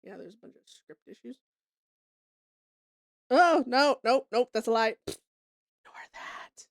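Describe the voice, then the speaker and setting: A woman's voice: fairly high pitch, lively intonation, a little slow, vocal fry, no room sound, clean studio sound. A young woman from Canada chatting casually with her stream viewers, laughing often and swearing freely.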